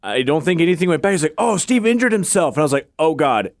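A man co-hosting a podcast in casual chat, reacting quickly to the others. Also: on the high side, big pitch swings, no echo, studio quality. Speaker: podcast co-host.

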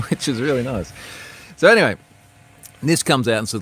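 A man's voice: mid-range voice, expressive, moderate pace, pauses often, fairly bright tone, a little hiss or hum. A man hosting a casual livestream outdoors, rambling through a technical story and reading viewer comments aloud. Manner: rambling, restarts mid-sentence, reads viewer comments aloud. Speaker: livestream host. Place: outdoors at home with a view.

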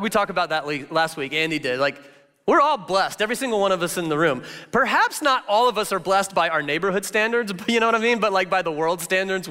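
A man gives a loose, conversational sermon in a big reverberant hall. His voice sits high and bright, and he talks in an animated, chatty way, tossing in plenty of filler words. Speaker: pastor.

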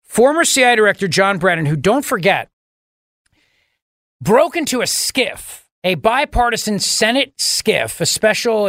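Gravelly high-voiced talk radio guy, mocking and sarcastic, dry studio sound. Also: a bit bright, dry recording. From Italian heritage, US. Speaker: radio talk show host. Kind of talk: opinionated talk radio monologue.

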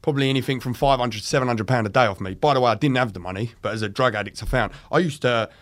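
A young British man speaking in a casual chat, open and plain-spoken. His voice sits at a middling pitch, and he drops swear words easily as he recounts what happened. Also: racing, fairly bright tone. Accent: British English. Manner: swears freely, candid storytelling. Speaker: podcast guest.

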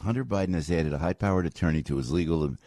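A man hosting a morning radio talk show, talking in a casual, opinionated way, excitable and jokey, often jumping loud and high. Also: fast talker, dry recording. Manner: animated, excitable, jokey, swings loud and quiet.

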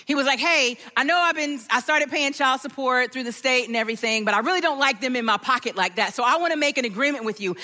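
In a sermon with a big-room sound, a middle-aged woman whose voice sits high shares a personal story. She tells it in a lively way, performing the voices of each person in it.

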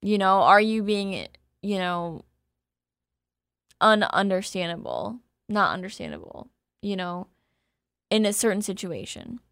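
A woman's voice: mid-range voice, lively intonation, a little slow, pauses often, fairly bright tone, clean tone, dry recording, clean studio sound. A woman talking frankly and animatedly in a casual podcast chat, swearing freely.

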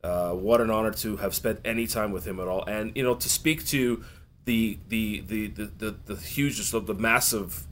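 A Canadian man co-hosting a podcast, reminiscing earnestly with halting starts. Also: fairly low pitch, fairly bright tone, a little hiss or hum. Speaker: podcast co-host. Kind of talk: casual chat.

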